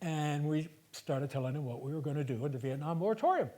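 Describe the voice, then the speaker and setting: A man in his seventies performing a theatrical storytelling monologue on a stage, conversational, moving between loud emphasis and hushed asides. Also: fairly high pitch, animated, fast talker. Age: 70s.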